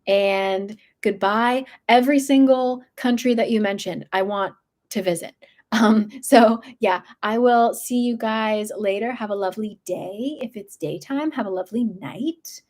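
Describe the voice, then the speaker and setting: A woman's voice: mid-range voice, measured pace, darkish tone. A young woman hosting a book channel livestream from her room, chatting casually and meandering with lots of fillers.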